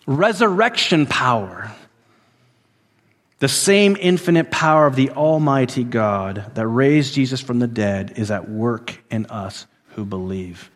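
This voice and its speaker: Preacher in a reverberant church hall. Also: male voice, medium pitch, animated, measured pace, few pauses. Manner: swings from loud emphatic peaks to soft hushed endings; repeats phrases for emphasis. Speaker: pastor. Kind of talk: sermon.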